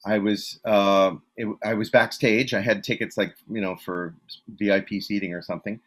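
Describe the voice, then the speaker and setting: A man's voice: lowish voice, fairly even intonation, moderate pace. A man being interviewed as a musician, telling stories in a casual, rambling way with many fillers, restarts and self-deprecating asides.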